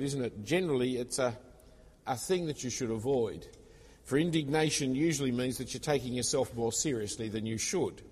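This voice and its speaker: Husky-voiced man preaching in a reverberant hall. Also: medium pitch. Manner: expository, with conversational personal asides. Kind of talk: sermon. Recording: long reverb of a large hall.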